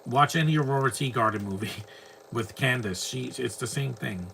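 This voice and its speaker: Bright-voiced opinionated man ranting. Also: mid-range voice, moderate pace, creaky, a little hiss or hum. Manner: opinionated, ranting, rambling asides. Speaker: film commentary host. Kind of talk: casual film commentary over a movie.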